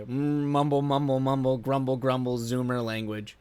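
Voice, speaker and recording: A man streamer reading a viewer's story aloud, with animated laughing asides and frequent self-corrections. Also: mid-range voice, moderate pace, hardly any pauses, clean tone, no room sound.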